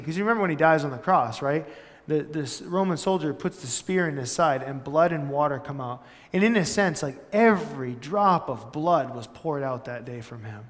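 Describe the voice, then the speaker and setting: A pastor giving a casual, storytelling sermon in a church, animated and full of "like" and "right?". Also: male voice, a little high. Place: church hall. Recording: long church-hall reverb.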